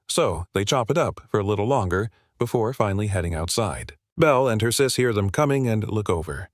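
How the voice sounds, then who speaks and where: Low-voiced man recapping a story. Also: lively intonation, fairly quick, hardly any pauses, no room sound, studio quality. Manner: casual, slangy. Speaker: narrator. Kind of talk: slang-heavy story recap narration.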